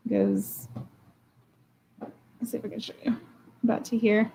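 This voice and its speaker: Chatty woman with gravelly fry. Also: on the high side, flat delivery, a little slow, warm tone, slight background noise. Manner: chatty, playful, self-joking. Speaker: online jewelry seller. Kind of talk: live-stream unboxing and auction chat. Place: home room.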